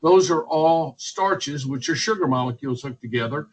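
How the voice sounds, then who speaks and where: A man's voice: fairly high pitch, moderate pace, slightly rough, poor audio. A man, speaking as a physician guest in a radio interview, emphatic and repetitive, listing points one by one. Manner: emphatic, repetitive, list-making.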